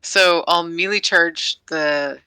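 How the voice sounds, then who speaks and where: Tabletop player, slow drawl, super sharp bright voice, dry close sound, cracking jokes. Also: medium pitch, clean tone, no echo. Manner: wry, joking asides. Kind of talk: casual tabletop play.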